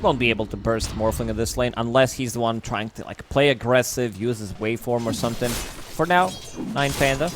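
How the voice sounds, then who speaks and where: A man gives color commentary on an esports match, breaking down plays in a measured, analytical way. His voice sits at an ordinary middle pitch. Clear music runs underneath.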